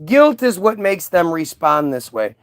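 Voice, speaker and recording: A man's voice: high-pitched, very animated, unhurried, no echo. A man ranting in casual commentary, sarcastic and profane, mocking people as he reacts to clips.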